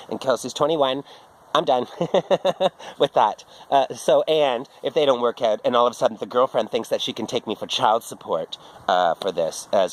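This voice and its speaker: A man's voice: medium pitch, poor audio. A middle-aged man, rambling through a casual, profane monologue full of restarts and asides. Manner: rambling, profane, self-interrupting. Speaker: vlogger.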